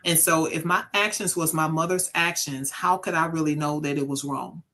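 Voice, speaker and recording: A woman's voice: deep voice, fairly even intonation, normal speed, pushed and bright. A middle-aged mother telling a personal story in a casual conversation, earnest and reflective. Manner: earnest, reflective, acts out quoted voices. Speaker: mother sharing her story.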